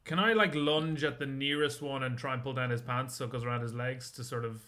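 A man's voice: medium pitch, steady tone, brisk, bright, forceful tone. A man playing a tabletop game as a player, playful and laughing a lot. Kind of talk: casual tabletop play.

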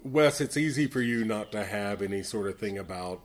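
A man from Tennessee co-hosts a casual podcast and lays out his ideas in a thoughtful, measured way. His voice sits a little low and he speaks unhurriedly. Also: animated. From Tennessee, USA. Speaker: podcast co-host.

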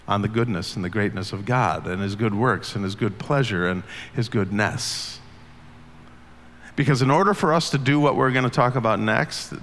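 A man's voice: fairly low pitch, fairly bright tone, slight background noise. A man preaching a sermon as pastor, earnest and conversational, asking the congregation questions. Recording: long hall reverb.

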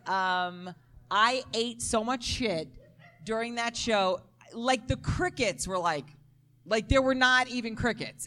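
A woman stand-up comic on a panel, telling a self-deprecating story in a casual, animated way and swearing freely. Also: a little high.

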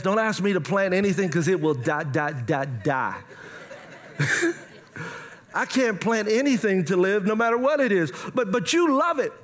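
A middle-aged man preaching, animated and conversational, with playful asides to the congregation. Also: sits high. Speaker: pastor. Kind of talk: sermon.

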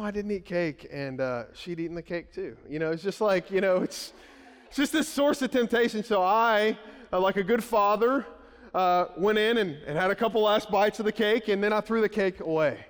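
A man's voice: high voice, moderate pace, big-room sound. A male pastor in his thirties, preaching a conversational sermon full of anecdotes and restarts. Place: church sanctuary.

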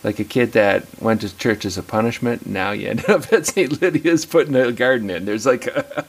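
A man's voice: mid-range voice, moderate pace. A man interviewing a guest, asking casual questions with an easygoing laugh.

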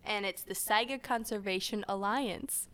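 A woman's voice: medium pitch, normal speed, fairly bright tone. A woman co-hosting a podcast, casually explaining animal facts and laughing often. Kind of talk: casual chat.

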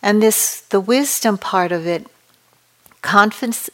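A woman meditation teacher gives a dharma talk at a retreat, her voice sitting a little low. She speaks slowly and calmly, with a measured and reflective delivery.

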